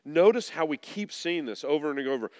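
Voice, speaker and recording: A pastor preaching a sermon, dropping low and soft at times, then rising loud to press a point. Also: male voice, animated, fairly quick. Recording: long reverb of a large hall.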